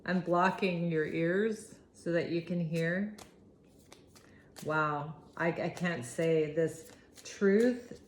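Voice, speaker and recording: A woman giving a spontaneous tarot reading, awed and halting, with frequent sighs and restarts. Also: lowish voice. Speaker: tarot reader. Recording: roomy echo with faint noise.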